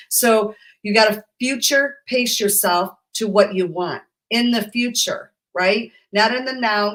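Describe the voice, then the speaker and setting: A woman business coach giving an emphatic, sassy, high-energy motivational talk straight to her viewers in a live stream. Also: fairly bright tone.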